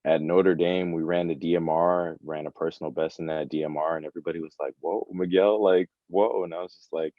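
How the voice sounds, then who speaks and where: A man's voice: low voice, fairly even intonation, a little fast, few pauses, no echo, phone-quality sound. A young man in his early twenties, a college track athlete, talking casually and earnestly as a guest, often saying "you know" and "like.". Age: early 20s. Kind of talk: casual interview chat.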